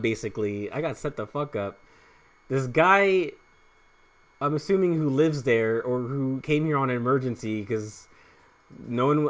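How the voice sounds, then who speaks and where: A man's voice: on the high side, fairly bright tone. Young male gaming host, casual rambling storyteller, swears a lot, fillers and restarts. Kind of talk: casual storytelling over gameplay.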